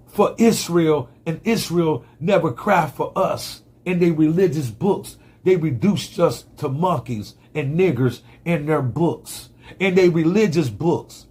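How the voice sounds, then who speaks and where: A man's voice: fairly high pitch, takes it slowly, darkish tone, slightly rough. A man giving a fiery, profane monologue full of rhetorical questions. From United States. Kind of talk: impassioned monologue.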